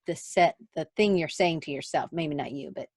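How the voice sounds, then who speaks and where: A woman with an Alabama accent hosting a podcast, talking in a casual, animated, rambling way with jokey asides. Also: deep voice, normal speed, no room sound, clean studio sound. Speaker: podcast host. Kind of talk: casual conversational chat.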